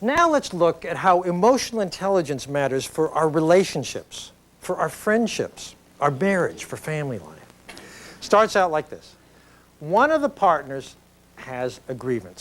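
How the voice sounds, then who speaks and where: A middle-aged man giving an educational video lecture, explaining ideas in a conversational, animated storytelling way with frequent tag questions. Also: a little high, a little slow.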